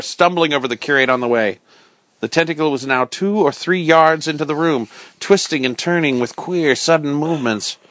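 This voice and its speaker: A man reading a bedtime story aloud with dramatic, expressive storytelling. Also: medium pitch, no room sound.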